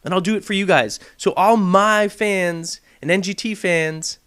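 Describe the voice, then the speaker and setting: A brash young man rants to camera on his gaming vlog with a high-pitched voice. He talks in a provocative, joking way and keeps goading his viewers. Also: steady tone, a little slow, fairly bright tone, clean tone. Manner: brash, provocative and jokey, mocking voices in quotes.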